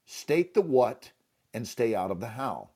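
A man's voice: medium pitch, big pitch swings, unhurried, warm tone, husky. A man, an actor and teacher, telling a motivational story as a guest. He speaks emphatically and acts out the dialogue.

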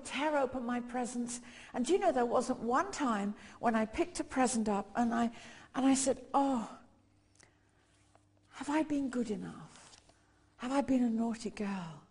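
Breathy woman preaching in a hall. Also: fairly high pitch, darkish tone. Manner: storytelling, acts out voices with rising intensity. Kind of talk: sermon. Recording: long hall reverb.

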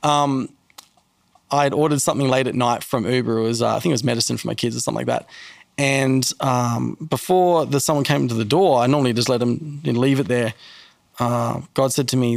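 This podcast guest has a gravelly, medium-pitched voice and speaks at a normal speed. Chatting casually about faith, he tells stories and brings the quoted people to life in a raised, animated voice. Studio-quality audio with no echo.

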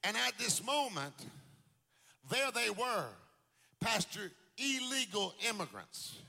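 A man preaching a sermon in church in a sing-song cadence that climbs into shouts. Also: sits high, big pitch swings, slow pace, creaky. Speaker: pastor. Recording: long hall reverb with faint music.

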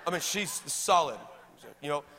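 A pastor delivering an energetic, humorous sermon that swings into shouting. His voice is high and bright, carried by a long reverb in a large church hall with faint noise behind. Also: moderate pace.

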